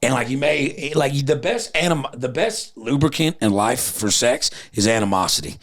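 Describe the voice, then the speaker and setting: A man in his thirties, a podcast host and comedian, telling crude stories in an animated, profane way. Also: mid-range voice, moderate pace. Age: 30s. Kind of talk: casual chat.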